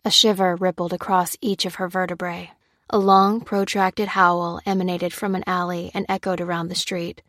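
A woman narrates an action novel in a steady, measured way, her voice sitting on the low side. The sound is dry and close, with no room around it. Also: no room sound. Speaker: audiobook narrator. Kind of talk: scripted narration.

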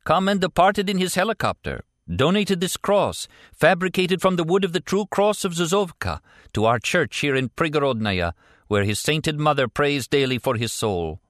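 A man doing a fervent old village priest in an audiobook, his voice pitched high and urgent as he declaims. The delivery is dry and close. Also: sing-song, moderate pace, a bit bright, no echo.

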